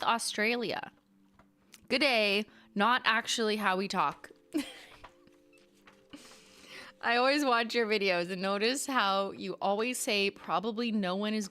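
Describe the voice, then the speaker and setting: A Canadian woman hosts a casual livestream, reading viewer letters aloud, adding wry asides and laughing often. Her voice is medium-pitched, bright, and forceful.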